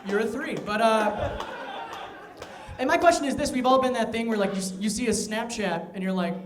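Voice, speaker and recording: A young man doing a stand-up comedy set, talking casually with quick asides and mock voices for the people in his jokes. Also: extremely high pitch, roomy sound, some chatter behind. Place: comedy venue with live audience.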